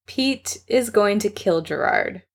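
A woman's voice: mid-range voice, lively intonation, takes it slowly, vocal fry, slightly rough. A woman reading a fan story aloud in a wry narrating voice. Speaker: story reader.

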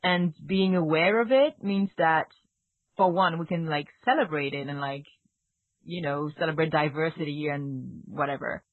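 A woman with a strong French accent, co-hosting a casual chat and talking in halting bursts with restarts. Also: sits low, dry recording. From France. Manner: halting, many restarts and fillers. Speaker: podcast co-host. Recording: tinny phone-like line, dry.

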